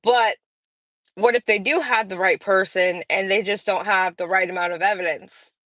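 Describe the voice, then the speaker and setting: A woman's voice: mid-range voice, fairly even intonation, normal speed, fairly bright tone, dry recording. Woman in her 40s as a chatty livestream host, sarcastic and rambling, dry close mic. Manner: blunt and sarcastic, rambling with fillers. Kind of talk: casual chat.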